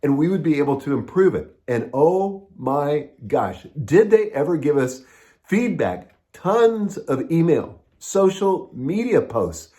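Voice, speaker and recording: A man's voice: on the high side, slow pace. A middle-aged American man giving a conference talk, telling stories and acting out what people said. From United States. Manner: animated storytelling, acting out quotes. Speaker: conference speaker.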